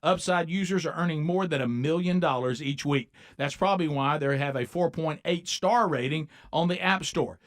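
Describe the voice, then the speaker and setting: A man reading a radio ad in a smooth, punchy delivery. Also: a little high, normal speed, hardly any pauses. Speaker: radio host. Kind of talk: ad read and casual radio banter. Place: radio studio.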